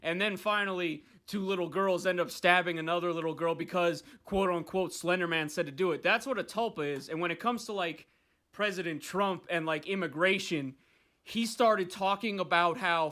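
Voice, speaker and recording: A man's voice: sits high, normal speed. A young man hosting a podcast, rambling and swearing in casual chat. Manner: rambling, profane, animated. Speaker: podcast host.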